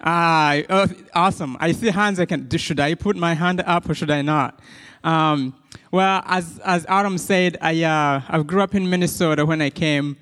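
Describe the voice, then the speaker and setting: A young man from Rwanda with a Rwandan accent, giving a personal testimony to an audience in a halting, friendly way with many fillers and restarts. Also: on the high side, a bit bright, clear, resonant tone. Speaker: guest speaker. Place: large hall with an audience. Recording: long hall reverb.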